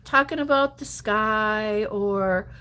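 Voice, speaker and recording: Her delivery is slow and smooth as she, a gambling streamer, responds to comments in a laid-back livestream chat. Lively and laughing often, she drops from animated bursts into low murmurs and whispers.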